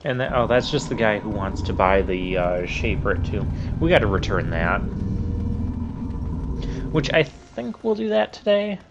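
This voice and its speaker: Low-voiced man rambling over gameplay. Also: very animated, lo-fi sound, heavy background noise. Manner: rambling, casual, drawn-out asides. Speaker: let's play host. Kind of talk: gameplay commentary.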